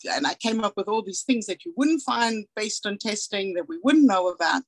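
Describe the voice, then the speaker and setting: Woman, 40s, from South Africa, personal talk, earnest, candid, mid pitch, dry close sound. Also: expressive, moderate pace, dry recording, poor audio. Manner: earnest, candid, acts out quoted dialogue. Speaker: guest speaker.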